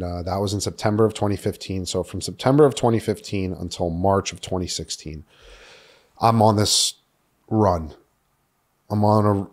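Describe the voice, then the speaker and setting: A man's voice: low voice, a little mellow. A man in his thirties from New York City, a podcast guest telling his personal story frankly in casual talk, swearing freely and filling with "uh" and "like". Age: 30s. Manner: candid, swears freely, many fillers like "uh" and "like".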